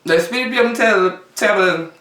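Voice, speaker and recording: A woman vlogger chatting casually to camera between bites, often pausing on long hums. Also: mid-range voice, fairly bright tone. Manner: chatty, talks between bites with drawn-out mms. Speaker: mukbang vlogger. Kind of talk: casual eating chat to camera. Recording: roomy sound from a distance.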